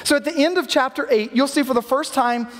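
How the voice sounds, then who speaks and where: A man with a fairly high voice preaches to his congregation in an easy, conversational manner. He now and then acts out quoted lines. His voice carries a long reverb from the church hall around him. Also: fast talker, fairly bright tone. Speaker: pastor. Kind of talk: sermon. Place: church sanctuary.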